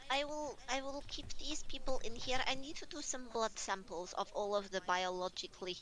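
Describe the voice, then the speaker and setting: A woman's voice: on the high side, fairly even intonation, moderate pace, fairly bright tone, low-quality recording. A woman playing in a tabletop role-playing game, stammering and repeating herself between laughs. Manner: stammering, giggly. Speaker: player. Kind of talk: tabletop role-play, in and out of character.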